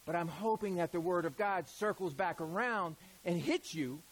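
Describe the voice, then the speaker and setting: A man preaching a sermon as a pastor, asking rhetorical questions, stretching out key words for emphasis and often dropping to a low, quiet voice mid-point. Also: moderate pace, poor audio.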